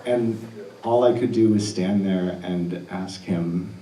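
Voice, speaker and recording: A man telling a true personal story live on stage, earnest and animated with laughing asides. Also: sits low, slow, a little hiss or hum. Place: stage in an arts center hall. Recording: roomy hall audio picked up from a distance.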